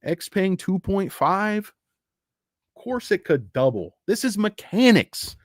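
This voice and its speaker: A middle-aged man ranting on a stream, profane and rambling, his pitch jumping up and down as he gets worked up. The sound is dry and close, in a slightly higher register than most men's. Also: sing-song, slow, no echo. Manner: rambling, profane, reads chat aloud. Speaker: stock livestream host. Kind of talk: ranting casual livestream.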